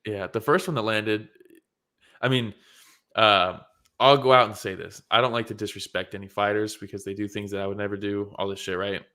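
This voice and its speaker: A man's voice: on the low side, steady tone, fairly quick, sharp tone. A man co-hosting a casual chat show, blunt and openly salty, swearing freely. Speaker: podcast co-host.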